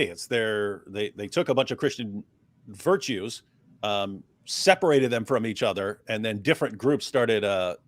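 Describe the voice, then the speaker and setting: A man talking through a topic in casual online commentary, thoughtful and measured with sarcastic edges. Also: lowish voice, a bit bright.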